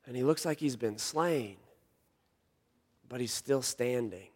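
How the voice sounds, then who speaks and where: Slow-speaking preacher in a big echoing hall. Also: male voice, mid-range voice. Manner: storytelling, dramatic swings from quiet to shouting. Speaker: pastor. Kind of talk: sermon. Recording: long reverb of a large hall.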